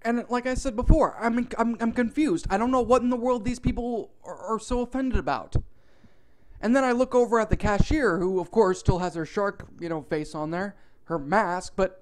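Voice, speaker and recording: A man narrating a comic storytime in an animated, profane, exaggerated way. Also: high voice.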